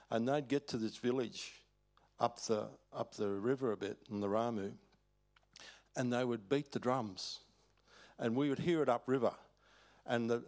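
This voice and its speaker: An older Australian man gives a sermon at church, speaking in a folksy, storytelling way. His voice sits at an ordinary middle pitch. He often chuckles and stops to restart his thoughts. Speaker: preacher. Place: church hall.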